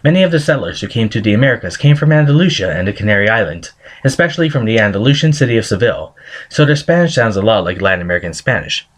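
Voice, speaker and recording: A man's voice: fairly low pitch, very animated, racing. A man reading a scripted screencast presentation, carefully sounding out pronunciation examples. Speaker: student presenter.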